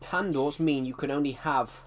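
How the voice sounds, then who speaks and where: A man's voice: fairly high pitch, moderate pace. A man chatting casually on a live stream, rambling and correcting himself, with a tickly throat that keeps him coughing.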